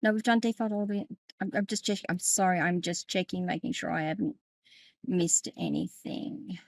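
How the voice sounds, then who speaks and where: Her lowish, creaky voice stays fairly even in intonation at a moderate pace, in a dry recording. She's a middle-aged tech educator and podcast host leading a chatty screen-share settings tutorial, frequently laughing and fixing her own slips.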